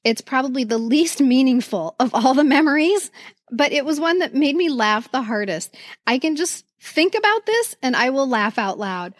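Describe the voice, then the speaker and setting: A woman co-hosting a podcast with a high voice that sits well above most women's. She tells stories in a playful, chatty way and laughs easily. The sound is dry and close, with no room echo. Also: lively intonation, normal speed. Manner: laughs often, playful storytelling. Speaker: podcast co-host. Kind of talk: casual chat.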